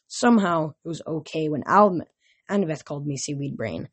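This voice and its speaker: Husky low-voiced woman reading aloud. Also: fairly quick. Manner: plain, steady reading with small restarts. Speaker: narrator.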